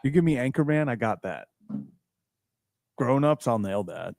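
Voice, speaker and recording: A man's voice: mid-range voice, lively intonation, moderate pace, gravelly, darkish tone, dry recording, clean studio sound. A man co-hosting a sports talk show, laid-back, mostly giving short agreeing replies. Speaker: co-host.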